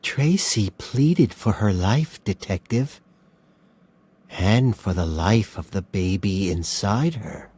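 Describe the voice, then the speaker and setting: A man voicing a calm, smug male serial killer who speaks softly and slowly. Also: on the low side, slightly rough, heavily acted. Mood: menacing. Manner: soft, slow, mocking calm.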